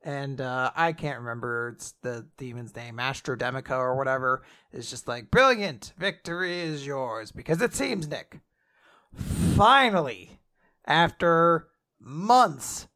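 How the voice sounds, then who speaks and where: A man's voice: mid-range voice, expressive, pushed and bright. A man co-hosting a podcast, casually recapping a manga chapter with jokes and asides. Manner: rambling, joking, quick asides. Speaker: podcast co-host.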